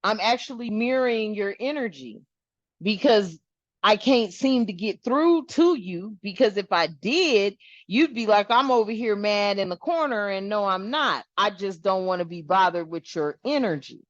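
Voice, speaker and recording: Fast-rambling woman, dull dry lo-fi recording. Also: medium pitch, no echo. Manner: animated, rambling, swears freely. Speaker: spiritual channel host. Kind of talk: casual spiritual talk to viewers.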